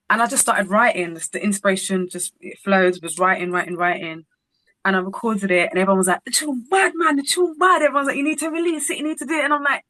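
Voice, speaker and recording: A woman tells her story as an interview guest. She is animated and acts out each voice in the dialogue. The recording is dry and close, at an ordinary middle pitch. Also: no echo. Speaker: guest singer-songwriter.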